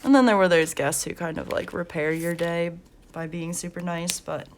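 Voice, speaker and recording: A woman's voice: lowish voice, steady tone, moderate pace, a little hiss or hum. A young woman hosting a coloring channel, chatting casually and telling work stories with lots of laughs and fillers. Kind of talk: casual chat while coloring.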